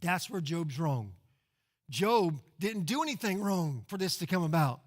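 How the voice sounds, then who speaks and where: A man's voice: on the high side, sing-song, unhurried. A man preaching a sermon as pastor in a church, talking conversationally, repeating words and asking rhetorical questions. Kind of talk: expository sermon. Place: church sanctuary.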